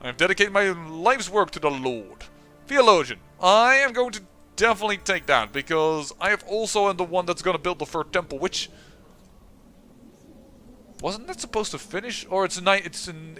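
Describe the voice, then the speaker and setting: A man with a bright, somewhat high voice talks through his game session. He thinks aloud and often trails off or restarts mid-sentence, with faint game music underneath. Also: expressive, moderate pace. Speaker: let's-play host. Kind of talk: game commentary.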